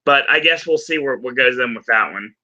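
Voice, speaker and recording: Bright-voiced man hosting a chatty podcast. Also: medium pitch, fairly quick, lo-fi sound. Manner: rambling, self-correcting, laughs easily. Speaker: podcast host. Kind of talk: casual chat recapping wrestling.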